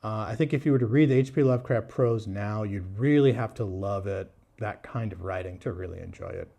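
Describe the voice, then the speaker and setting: A man's voice: fairly low pitch, a little fast, gravelly, mellow. A man talking casually to camera as a book vlogger, candid and blunt, with frequent fillers, restarts and wry laughs. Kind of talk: casual book review talk.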